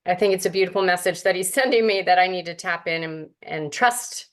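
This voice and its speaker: A woman with a low voice, the client in a casual session. She speaks emotionally and hesitantly, with plenty of gratitude. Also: a little fast. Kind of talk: casual conversation.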